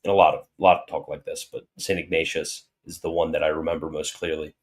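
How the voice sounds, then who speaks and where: With a bass voice and flat, fast delivery, a man runs a casual livestream Q&A. He reads out super chat questions, jokes with mock alarm, and then answers in earnest.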